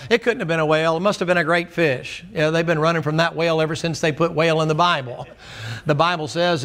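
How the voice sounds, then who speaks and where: Folksy storytelling pastor with a high tenor, animated sermon delivery. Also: male voice, quick pace.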